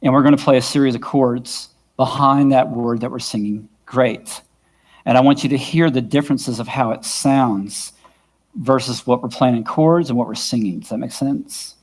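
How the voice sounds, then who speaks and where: With a medium-pitched, slightly mellow voice at normal speed, a man leads a vocal workshop for a church worship team. He's a worship music instructor who patiently and repeatedly confirms the group is following, his own guitar in the background.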